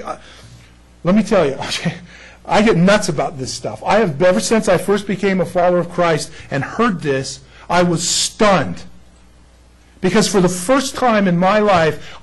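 A middle-aged man teaching the Bible in a sermon, excitable and eager, often pausing to check that listeners follow along. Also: sits high, breathy edge, rough recording.

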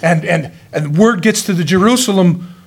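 A male pastor preaching a sermon in a folksy, joking way, telling stories lively and chuckling often. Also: high-pitched, moderate pace, husky. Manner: lively storytelling.

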